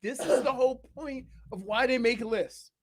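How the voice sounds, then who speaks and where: A high-voiced man needles his co-host with dry teasing. His voice sits close and dry on a studio microphone. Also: normal speed, a bit bright, no echo. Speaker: sports radio co-host. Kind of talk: sports talk radio banter. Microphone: studio broadcast mic.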